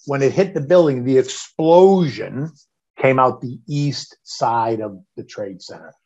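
A middle-aged man, a podcast guest, telling a personal story in an animated way, swearing freely and getting loud when reliving moments of panic. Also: mid-range voice, unhurried, muffled recording.

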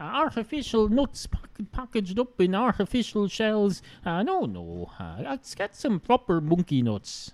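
A man with an Irish accent rambles through a solo podcast monologue, peppering his talk with "uh" and self-mocking asides. His pitch swings widely and his tone is mellow and dark. The sound is dry and close, with no room behind him. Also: dry recording. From Ireland. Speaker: podcast host.

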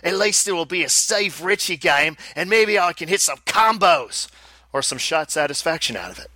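A man's voice: on the high side, lively intonation, moderate pace, bright, forceful tone, no room sound. A man reading out a listener's email in a put-on Australian accent, voicing an exasperated pinball owner who swears as he rants. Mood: ranting.

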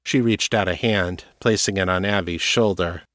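Low-voiced man narrating a fantasy story. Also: no echo, studio quality. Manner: steady, measured reading. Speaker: audiobook narrator.

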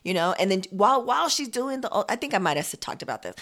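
A woman co-hosting a podcast, telling a story in casual chat with lively, profane asides and acted-out quotes. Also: medium pitch, very fast. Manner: animated storytelling, lots of swearing and acted-out quotes. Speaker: podcast co-host. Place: home. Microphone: remote recording.

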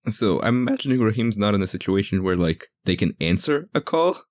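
A man's voice: lowish voice, big pitch swings, brisk, dry recording, clean studio sound. A man talking casually as a player in a tabletop game, easygoing and a little hesitant.

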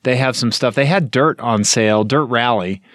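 A man co-hosting a podcast aftershow, rambling through casual chat full of fillers and excited tangents. His voice sits at a middling pitch and sounds dry and close on the microphone. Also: moderate pace, dry recording. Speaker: podcast co-host.

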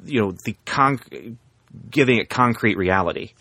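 Careful man with a low dry voice. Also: expressive, moderate pace, bright, forceful tone, dry recording. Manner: careful, hesitant, many fillers and restarts. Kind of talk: casual chat.

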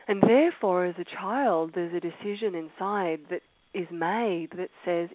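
A woman coach gives an earnest, reflective talk, restarting phrases as she works through her thoughts. Her voice sits on the low side. She comes through dry, narrow phone-line audio. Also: a little slow, no room sound. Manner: heartfelt and reflective, with frequent restarts and throat clearing. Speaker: coach leading a call.

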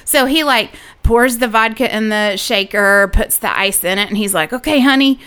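A bright, animated woman, a podcast co-host, tells a story during a casual chat. Her mid-range voice is clear and resonant at a moderate pace, and she acts out quotes and laughs often.

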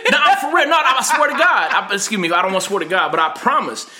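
A man, telling a story on a podcast he co-hosts, animated and often laughing. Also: high voice, fast. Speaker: podcast co-host. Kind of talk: casual storytelling chat.

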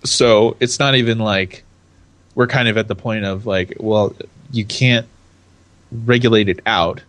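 A young man with a lowish voice chats casually on a podcast. He rambles, stops and restarts, and breaks into laughter now and then. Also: fairly even intonation, unhurried, a bit bright. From California. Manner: rambling, self-interrupting, laughs often. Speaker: podcast co-host. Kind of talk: casual chat.

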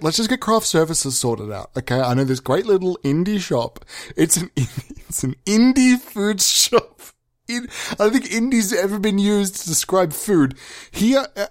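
High-pitched, manic young man. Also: big pitch swings, moderate pace, no echo, studio quality. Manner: manic, swinging between loud outbursts and low mumbles. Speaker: comedy podcast host. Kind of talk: improvised comedy prank calls.

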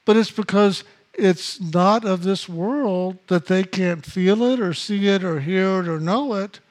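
A man's voice: high voice, measured pace. A man giving a spiritual teaching talk, emphatic and repetitive, with blunt asides.

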